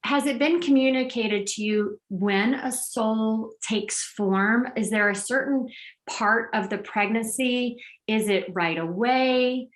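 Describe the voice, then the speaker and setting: A woman's voice: fairly high pitch, slow pace. A woman hosting a podcast interview, asking questions eagerly and searching for how to word them. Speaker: podcast host. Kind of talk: casual interview.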